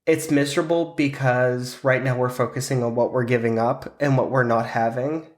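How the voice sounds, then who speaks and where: Congested podcast host in an echoey room. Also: male voice, medium pitch, fairly even intonation, normal speed. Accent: Pittsburgh. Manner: joking, profane, casual banter. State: congested with a sinus cold. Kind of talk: casual chat.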